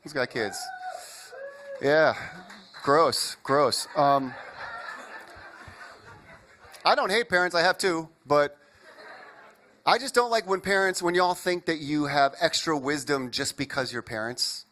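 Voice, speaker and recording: A young man from Indiana performing an animated stand-up comedy set, riffing with the crowd. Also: fairly high pitch, a little slow. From Indiana, USA.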